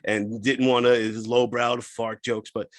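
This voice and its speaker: A man's voice: medium pitch, flat delivery, measured pace. Stammering enthusiastic man host. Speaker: podcast host. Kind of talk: casual interview.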